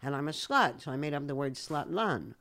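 An older woman from Canada chats in a relaxed interview. She tells wry anecdotes, drops into other people's voices to act them out and laughs often along the way. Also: deep voice, fairly quick. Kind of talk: casual interview chat.

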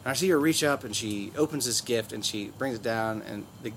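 A man's voice: medium pitch, a little fast, a bit bright, slight background noise. A man telling a rambling, profane, joking story in a casual podcast chat. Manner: rambling, profane, acts out voices in anecdotes. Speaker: podcast host.

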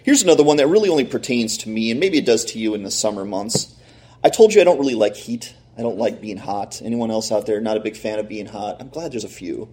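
A man's voice: lowish voice, fast, a little hiss or hum. A middle-aged man telling a personal story in a sermon, acting out the voices of the people he quotes. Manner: animated, acts out quoted voices.

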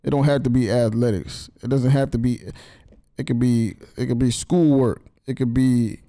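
A man's voice: mid-range voice, fairly even intonation, normal speed, warm tone, no echo, clean studio sound. A man hosting a casual interview, speaking bluntly and putting questions to his guest. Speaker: host.

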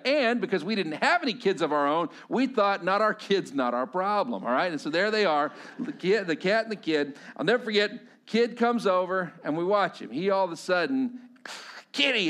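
A man's voice: high-pitched, fairly bright tone. A male pastor preaching a sermon, talking conversationally and telling stories with asides to the congregation.

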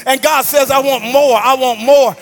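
A man preaching a passionate sermon in a church, drawing out his lines in a sing-song rhythm and building up to shouts. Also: very high voice, fairly even intonation, normal speed. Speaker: pastor. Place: church sanctuary.

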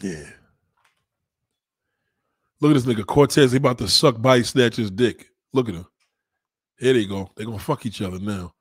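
A man hosting a live stream, reading viewer comments aloud and mocking them with loud, heavy-swearing swagger. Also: lowish voice, moderate pace, pauses often, husky, no room sound, clean studio sound. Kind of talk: profane live chat reading.

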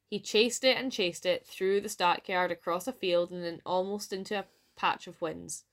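A woman with a Scottish accent narrating a folk tale aloud in a lively storytelling manner. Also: fairly low pitch, moderate pace. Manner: lively read-aloud with voiced dialogue.

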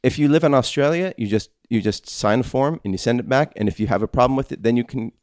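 A man's voice: mid-range voice, fast talker, darkish tone, no echo, studio quality. A man in casual podcast chat, explaining things earnestly with lots of fillers.

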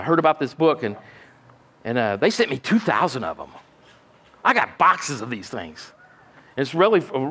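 A man's voice: mid-range voice, a bit bright. A male pastor, preaching a folksy, emphatic sermon and asking "amen?" often.

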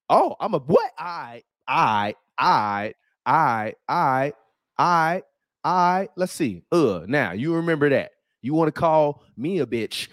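A man's voice: a little high, no room sound, clean studio sound. A man hosting a casual, comedic sports commentary, full of profanity and laughing asides. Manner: profane, animated, laughing riffs. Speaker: host.

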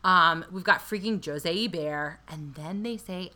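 Bright-toned woman in casual recap chat. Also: on the low side. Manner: animated, swears freely, quick asides. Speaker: podcast co-host.

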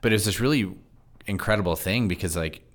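A chatty, quick-talking pastor holds a relaxed interview in a low, deep voice. He jumps from point to point and laughs easily. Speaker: pastor and podcast host. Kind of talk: casual interview conversation.

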